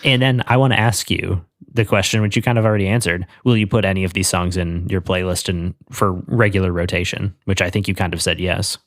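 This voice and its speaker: A young man chats on a podcast in a wry, measured way, slipping in dry jokes. His voice is low in pitch. The sound is close-miked and completely dry. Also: fairly even intonation, no room sound. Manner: wry, deliberate, joking asides. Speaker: podcast co-host. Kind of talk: casual chat.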